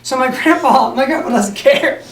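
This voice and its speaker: A young man telling a true personal story on stage, animated and laughing, acting out the people in it. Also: extremely high pitch, normal speed. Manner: animated, laughing, acts out quotes. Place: stage at a community storytelling event. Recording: echoey hall, mic far off, faint ambience.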